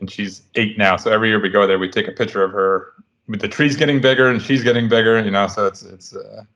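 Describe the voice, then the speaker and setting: A man in his thirties hosting a casual podcast chat, relaxed and rambling with frequent restarts. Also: lowish voice, quick pace, highs cut off. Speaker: podcast host.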